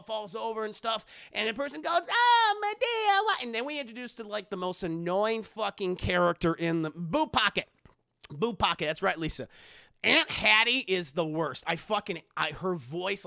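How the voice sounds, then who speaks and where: A man's voice: high-pitched, vocal fry, dry recording, studio quality. A man streaming a casual, profane film recap, talking to his chat with lots of energy. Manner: animated, profane, talks to chat.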